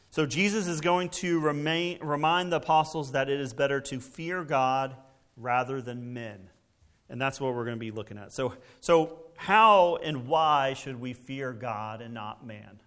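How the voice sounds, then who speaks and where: A man's voice: fairly high pitch, fairly bright tone. A man preaching a sermon in a conversational way, with fillers and frequent check-ins with the congregation. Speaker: pastor.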